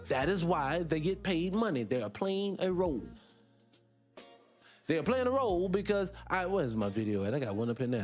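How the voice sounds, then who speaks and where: A man with a high voice holds forth as host of a morning reaction show, chatting loosely and dropping sarcastic asides. He keeps turning to address his viewers directly, with faint music playing underneath. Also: darkish tone. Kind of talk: reaction commentary.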